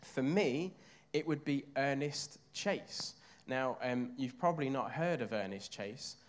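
Chatty English preacher with a congregation. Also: male voice, medium pitch, measured pace. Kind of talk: sermon.

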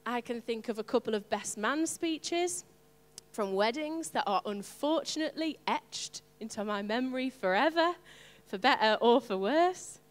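A woman preaching a sermon to her congregation, animated and playful, with asides to the listeners. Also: fairly high pitch, normal speed, smooth, big-room sound. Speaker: pastor.

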